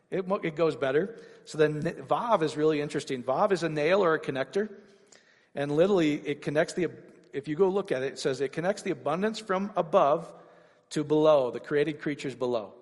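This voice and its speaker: Male preacher, slightly high voice, energetic teaching style with rhetorical questions, reverberant hall sound. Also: a little fast, husky. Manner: energetic, rhetorical questions, sudden loud exclamations. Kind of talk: informal sermon teaching.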